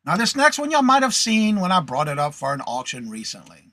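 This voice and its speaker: A high-voiced, bright and sharp-toned man hosts a live reseller show. He chats casually, reads out viewer comments and greets people by name. The sound is close and dry, with no room echo. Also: wildly swooping pitch, fairly quick. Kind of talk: casual live-stream chat.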